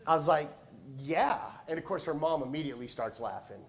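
A middle-aged man preaching a sermon as a pastor, telling stories conversationally and swinging between quiet, low lines and loud, high ones. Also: fast. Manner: conversational storytelling with repeated words.

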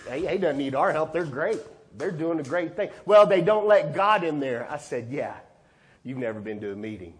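Dramatic, swinging preacher man. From Texas, USA. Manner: dramatic swings from loud and high to quiet and low, acting out dialogue. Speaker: pastor. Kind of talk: sermon.

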